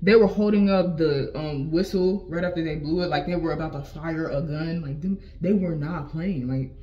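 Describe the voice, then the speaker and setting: A young adult woman telling a casual storytime vlog, animated and profane, with lots of slang and acted-out quotes of herself. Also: deep voice, normal speed. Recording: slightly dull lo-fi sound.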